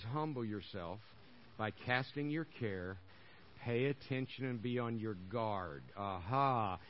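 A man's voice: medium pitch, lo-fi sound, slight background noise. An older man preaching a sermon as pastor, folksy and conversational, hammering phrases over and over.

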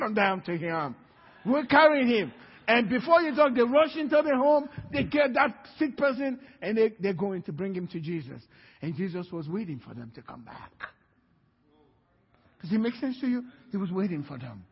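High-voiced husky male preacher. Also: moderate pace. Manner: lively storytelling, acting out scenes with voices. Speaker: pastor. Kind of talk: sermon. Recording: reverberant hall, dull sound.

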